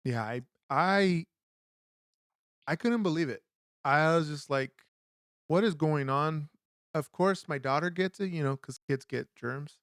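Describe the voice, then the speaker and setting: A man's voice: a little high, unhurried, a bit bright, no room sound, studio quality. A young adult man co-hosting a podcast, telling a story in casual chat with lots of restarts and fillers. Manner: rambling storyteller, many restarts. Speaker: podcast co-host.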